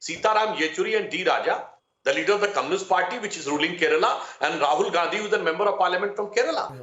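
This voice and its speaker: Brief: Indian English male spokesperson, bright and forceful, emphatic; roomy, lo-fi remote line. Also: sits high, lively intonation. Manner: measured, emphatic point-by-point. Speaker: party spokesperson. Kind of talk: political debate argument. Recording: roomy, dull remote feed.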